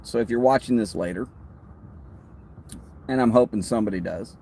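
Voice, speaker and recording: A man with a Texas accent hosting a casual livestream, talking in a relaxed, rambling way with friendly asides. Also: on the low side, normal speed, creaky, slight background noise. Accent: Texan. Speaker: host of a pipe-smoking livestream.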